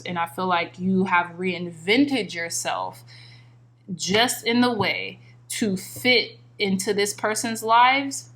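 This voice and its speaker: A woman's voice: lowish voice, fairly bright tone, a little hiss or hum. A woman reading tarot for her viewers, chanting repeated calls to spirit in an earnest, emotionally moved way, recording herself on camera. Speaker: tarot card reader. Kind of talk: pick-a-card tarot reading.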